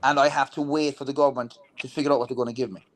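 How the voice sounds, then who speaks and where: A man's voice: medium pitch, steady tone, racing, a little hiss or hum. A man talking politics heatedly and bluntly, swearing and restarting his sentences often. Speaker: veteran political talk show guest.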